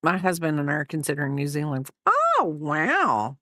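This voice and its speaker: A woman's voice: low voice, huge pitch swings, moderate pace, bright, forceful tone, no room sound, clean studio sound. A middle-aged American woman livestreaming while she crochets, chatting casually and rambling as she answers her viewers. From United States. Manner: rambling, chatty, answers chat between stitches. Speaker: livestreamer crafter.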